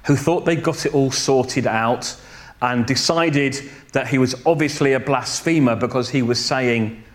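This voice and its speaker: A man preaching a sermon in a slow, deliberate way, pausing to correct himself and adding a light joke now and then. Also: mid-range voice.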